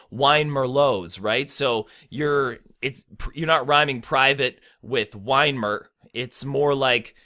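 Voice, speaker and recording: A man giving a casual lesson on rap rhyme schemes, explaining in a relaxed way and dropping quick rap bars as examples. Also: medium pitch. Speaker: rap teacher.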